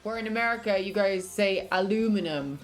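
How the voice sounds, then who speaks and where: A woman from England with an English accent, chatting casually with her stream chat in quick asides. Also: on the high side, lively intonation, faint music behind.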